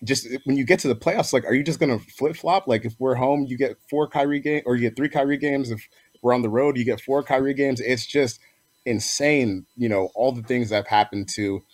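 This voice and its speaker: A man's voice: medium pitch, brisk. A man giving his take on a sports podcast, hesitant with many fillers and repeated words. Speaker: podcast guest. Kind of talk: casual sports chat.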